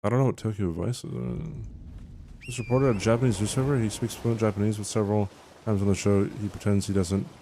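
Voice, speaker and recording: A man's voice: on the low side, fast talker, dark tone. A man streaming a game, chatting casually with his viewers in a rambling way, swearing and laughing as he reads the chat.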